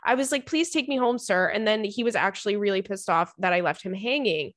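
A young adult woman hosting a podcast, chatting casually and telling animated stories with frequent laughs and swearing. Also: medium pitch, dry recording, clean studio sound. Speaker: podcast host reading listener stories. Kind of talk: casual chat.

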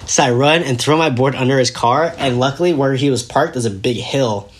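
Speaking fairly quickly at medium pitch, with a little hiss or hum behind him, a young podcast guest relates a story in a relaxed way. He laughs and animatedly performs other people's lines.

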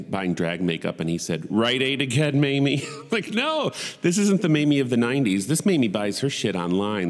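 A man's voice: deep voice, long reverb tail. A man in his forties hosting a podcast in casual solo chat, rambling and profane with wry asides. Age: 40s. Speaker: podcast host.

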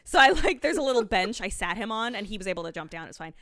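A young adult woman telling a story in casual chat, animated and swearing freely as she acts out her own panicked lines. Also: mid-range voice, quick pace, crowd noise.

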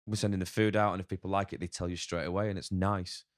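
Deep-voiced northern English man, swearing freely. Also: level tone, quick pace, dry recording, clean studio sound. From north of England. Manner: swears a lot, frank and rambling. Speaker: chef guest. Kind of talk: casual podcast interview.

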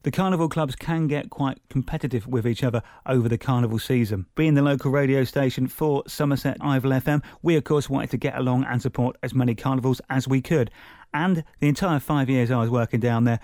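A man's voice: medium pitch, darkish tone, no room sound. Conversational male radio presenter, dry studio. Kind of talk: radio interviewing and talk.

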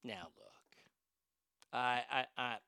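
Gravelly, bright-voiced blunt male host. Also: mid-range voice, takes it slowly, no room sound. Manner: blunt, profane, rambling with restarts. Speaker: podcast host. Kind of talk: casual opinionated chat.

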